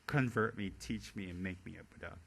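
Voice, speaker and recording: A man doing a low, haughty student. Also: fairly quick, gravelly, a little hiss or hum. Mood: smug. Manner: condescending, drawling, quiet.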